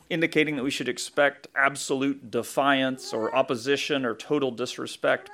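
A man's voice: fairly high pitch, a bit bright. A man with a Southern US accent, a pastor preaching a conversational sermon, thinking aloud with asides and self-corrections.

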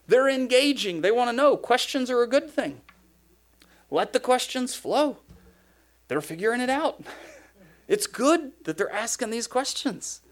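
A man's voice: very high-pitched, lively intonation, a little slow, pauses often. A man preaching a sermon as a pastor, conversational and emphatic, driving points home with repeated phrases.

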